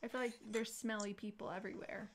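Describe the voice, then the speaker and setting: A woman co-hosting a livestream, chatting casually, teasing and blunt, quick to laugh. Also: medium pitch, fairly even intonation. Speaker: livestream co-host. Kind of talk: casual chat. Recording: noisy background.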